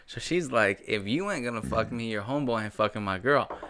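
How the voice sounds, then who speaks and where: A man's voice: lowish voice, fairly quick, a little hiss or hum. Brash profane man in his thirties. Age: 30s. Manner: brash, profane, animated storyteller. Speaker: podcast co-host. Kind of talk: casual chat, crude storytelling.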